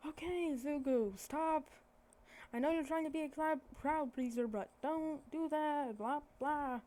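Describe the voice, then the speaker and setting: A woman voicing a loud, excitable male teacher who barks orders in a casual retelling. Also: sits high, a little slow, voice pushed up. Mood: bossy.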